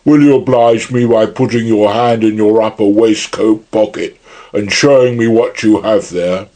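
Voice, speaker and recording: A man playing a booming, genial menacing chief. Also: normal speed, warm tone, lightly acted. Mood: grandly menacing. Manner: grand, booming, mock-friendly. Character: huge, genial yet menacing male anarchist chief.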